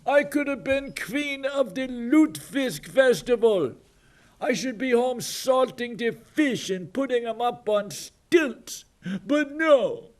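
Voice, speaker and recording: An older man voicing a shrill, furious teenage girl activist in a mocking, exaggerated scolding rant. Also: lively intonation, takes it slowly, heavily acted. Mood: whiny lament.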